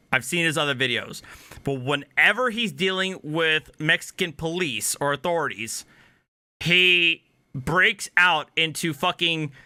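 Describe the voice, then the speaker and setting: Man, very bright voice, dry close sound, rambling, swears a lot, slightly drunk, casual commentary. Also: on the high side, smooth, no room sound. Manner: rambling, heavy swearing, self-correcting. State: a bit drunk. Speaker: commentary host.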